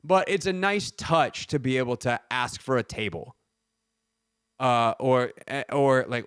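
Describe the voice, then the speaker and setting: A man hosts a sports talk radio show from a studio, chatting loosely and rambling through his stories. He pokes fun at himself as he goes. His voice sits at an ordinary middle pitch, and the studio sound is close and dry. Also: measured pace, fairly bright tone, clear, resonant tone, dry recording. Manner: rambling, self-mocking storytelling. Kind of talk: casual radio chat. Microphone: studio microphone.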